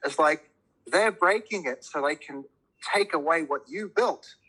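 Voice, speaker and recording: A man's voice: fairly high pitch, unhurried, bright, forceful tone, slightly rough, rough recording. A man in casual podcast conversation, rambling with many restarts and swearing freely as he argues his point. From immigrant to a Commonwealth country. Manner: opinionated, rambling, profane, frequent restarts.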